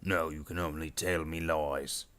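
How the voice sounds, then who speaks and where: A man's voice: a bass voice, fairly even intonation, unhurried, a bit bright, smooth. A man voicing a dim, bossy male orc warboss who blusters, gets muddled and makes threats. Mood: grumbling. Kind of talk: improvised comedy skit while painting.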